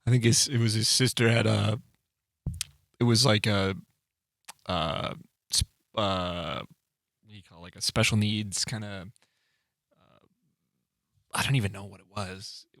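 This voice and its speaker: A man's voice: on the low side, steady tone, a little slow, vocal fry, pauses often, fairly bright tone, dry recording, studio quality. Laid-back man in podcast chat. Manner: laid-back, trailing off and hedging mid-sentence. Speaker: band member and podcast co-host.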